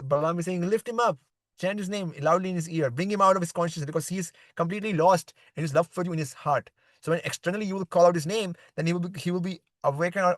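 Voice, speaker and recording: Man giving a lively scripture class. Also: a little high, no room sound, rough recording. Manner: reads passages aloud, then explains them plainly. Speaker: spiritual teacher. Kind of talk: scripture class, reading and commentary.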